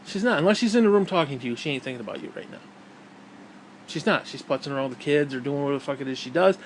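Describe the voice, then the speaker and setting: A man's voice: on the high side, rapid-fire, a little hiss or hum. Crude, bitter man ranting. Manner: crude, bitter, rambling with restarts. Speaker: vlog host. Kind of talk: profane rant.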